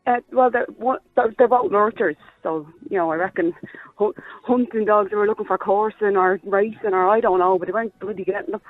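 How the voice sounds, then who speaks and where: A woman's voice: mid-range voice, a little fast. A woman, a caller telling a story over a phone line in chatty phone-in talk. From Ireland. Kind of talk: phone-in chat.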